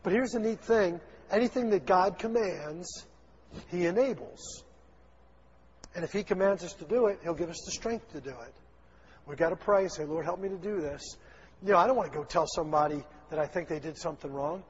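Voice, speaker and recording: A man's voice: high-pitched, a little fast. A man preaching a sermon with a Southern accent, folksy and chatty, acting out little dialogues. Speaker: pastor. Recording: dull, lo-fi sound in a long-echo hall.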